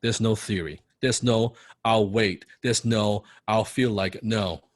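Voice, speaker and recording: A man with a non-native English accent, coaching students in a blunt, forceful, profane and repetitive way. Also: lowish voice, steady tone, unhurried, no echo, clean studio sound. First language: not English. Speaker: copywriting coach. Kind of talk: motivational coaching talk.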